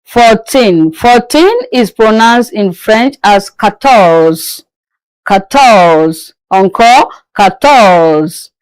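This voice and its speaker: A woman's voice: on the high side, expressive, takes it slowly, few pauses, no room sound, low-quality recording. A woman teaching a pronunciation lesson, repeating each word several times and patiently asking and answering her own questions. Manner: patient, coaxing learners to listen closely. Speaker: French teacher. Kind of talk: slow drilling pronunciation lesson.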